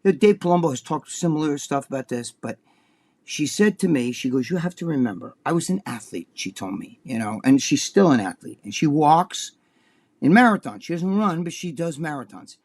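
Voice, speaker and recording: Brief: male co-host, a bit high-pitched, profane and rambling, casual talk. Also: sing-song, moderate pace, a little mellow. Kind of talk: casual chat.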